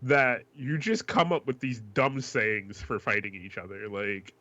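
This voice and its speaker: Male co-host from New York, tense bright voice, slangy and emphatic, lo-fi dry sound. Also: mid-range voice, lively intonation, measured pace, dry recording. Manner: emphatic, profane, riffs with slang. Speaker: podcast co-host. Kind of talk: casual chat. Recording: dry, dull lo-fi mic.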